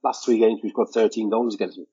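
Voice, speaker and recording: Man, Danish-born, former footballer, fairly low husky voice, measured reflective delivery, muffled lo-fi podcast sound. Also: fairly even intonation, warm tone. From Denmark. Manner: reflective, measured, rhetorical tags. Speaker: football pundit, former player. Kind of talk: casual podcast chat.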